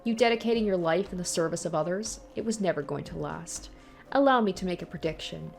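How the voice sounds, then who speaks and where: A woman's voice: on the low side, creaky, darkish tone, faint music behind. A woman reading a visual novel aloud, voicing the taunting ghost of a cruel old tyrant. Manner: sneering, taunting, slow and menacing.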